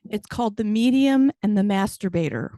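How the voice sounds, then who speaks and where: A woman's voice: medium pitch, expressive, fairly quick, warm tone, no echo. Dry, self-mocking middle-aged woman comic. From Chicago, US. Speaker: stand-up comedian. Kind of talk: stand-up set on a video call.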